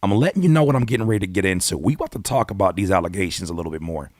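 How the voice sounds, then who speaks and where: A man hosting a casual live reaction stream, swinging between loud excited outbursts and low muttering, mixing read-out notes with slangy commentary. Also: very fast, dry recording, clean studio sound. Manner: mixes reading annotations aloud with slangy commentary. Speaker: YouTube host reacting to a song.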